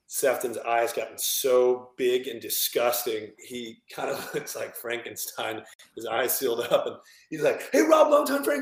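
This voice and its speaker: A man being interviewed as a film director, telling stories in a loose, animated way with lots of fillers and laughter. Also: fairly low pitch, echoey room, low-quality recording. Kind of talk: casual storytelling interview.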